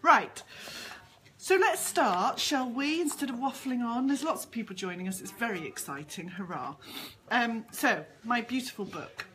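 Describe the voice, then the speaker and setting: Bubbly woman host, bright voice, chatty live stream recorded in a pub with faint noise behind. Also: on the high side, animated, normal speed, few pauses. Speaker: host and author. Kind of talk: casual live-stream chat.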